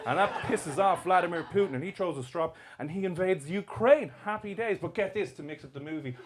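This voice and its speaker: Male stand-up comic, cheeky sweary crowd banter, slightly high voice, live club recording with clear crowd noise. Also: fast, few pauses. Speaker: stand-up comedian. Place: comedy club stage. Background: crowd laughter.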